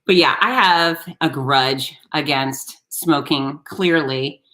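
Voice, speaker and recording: A woman hosting a live-streamed talk show, chatting with viewers in an animated, sarcastic way. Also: deep voice, takes it slowly. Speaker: host.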